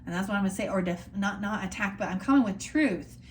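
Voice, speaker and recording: A woman's voice: mid-range voice, fast, a little hiss or hum. Blunt swearing woman reading tarot. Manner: blunt, frustrated, swears freely, rambling. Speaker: tarot reader. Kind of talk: casual tarot reading monologue.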